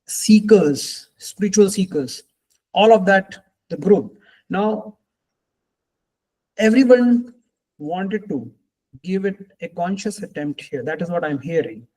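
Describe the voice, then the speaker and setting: A man speaks at a somewhat raised pitch on a group coaching call. He is reflective and earnest, and he circles back on phrases to stress them. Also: animated, slow, pauses often, a little mellow, rough recording. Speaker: life coach.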